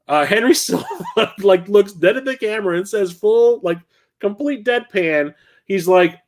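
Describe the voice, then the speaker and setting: A middle-aged man chats casually about his film collection in a somewhat high voice. He rambles enthusiastically, trailing off into fillers and restarts. His pace stays loose and conversational. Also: expressive, normal speed, a little mellow. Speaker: host.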